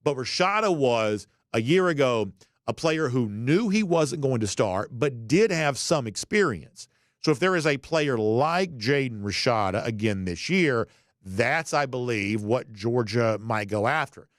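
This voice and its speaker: A man's voice: medium pitch, lively intonation, a little slow, no room sound, studio quality. A man hosting a college football podcast, talking in a conversational way with folksy asides. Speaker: podcast host. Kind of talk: sports commentary monologue.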